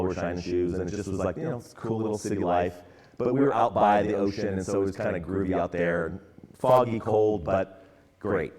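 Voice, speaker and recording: An older man in his sixties, from the San Francisco area, tells a story at church in an easygoing, conversational way. His voice sits fairly low, and he talks in loose, rambling phrases with plenty of ums and you-knows. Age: 60s. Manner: relaxed, conversational, many fillers. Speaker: church ministry speaker.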